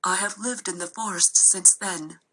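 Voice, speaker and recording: A woman narrating a children's novel aloud in a steady storytelling way. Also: fairly low pitch, a little slow, husky, poor audio. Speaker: reader.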